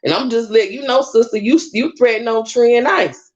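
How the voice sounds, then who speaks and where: A woman's voice: a little high, a little fast. Heated woman on a lo-fi call. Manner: emotional, confrontational, repeats herself. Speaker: guest. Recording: dull lo-fi online call audio.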